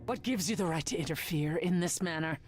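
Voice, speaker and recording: A woman's voice: a little mellow, soft background music, lightly acted. A woman voicing a proud goddess in a game, speaking with imperious indignation. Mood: indignant. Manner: imperious, slow and low.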